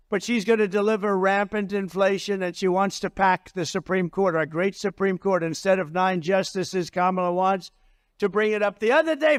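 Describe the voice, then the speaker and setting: An older man running for office delivers a rambling rally speech from the stage, repeating himself and tossing in boastful asides. He has a high voice, captured in a dry, studio-quality recording.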